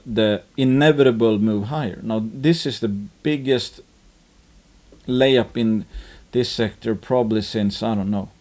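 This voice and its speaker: On his investing channel, a man chats loosely about stocks, his market commentary rambling and cluttered with fillers and restarts. He has a medium-pitched, slightly mellow voice.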